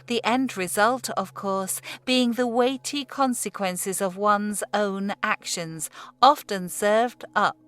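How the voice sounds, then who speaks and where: A woman voicing an old male pub landlord with a broad Yorkshire accent, speaking slowly and deliberately, calm and ominous. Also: lowish voice, dry recording. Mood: strident. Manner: broad dialect, slow and deliberate.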